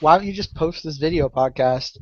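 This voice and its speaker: A man's voice: a little high, a little fast, lo-fi sound, a little hiss or hum. A man co-hosting a podcast, chiming in with short teasing remarks in casual chat. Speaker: podcast co-host.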